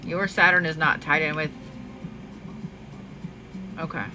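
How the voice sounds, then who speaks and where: Woman, astrology reader, low-ish voice, casual and cussing, music underneath. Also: steady tone, a little slow, rough recording. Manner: chatty, profane, affectionate. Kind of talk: live astrology reading. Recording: music playing behind. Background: clear background music.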